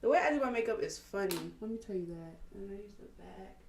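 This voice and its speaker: A young woman hosting a casual get-ready-with-me podcast, speaking in a relaxed Black at a mid pitch. She tells stories with bursts of laughter and drawn-out exclamations, then drops into quieter asides while she works on her makeup. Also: roomy sound, a little hiss or hum. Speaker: podcast host. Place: at home, doing makeup.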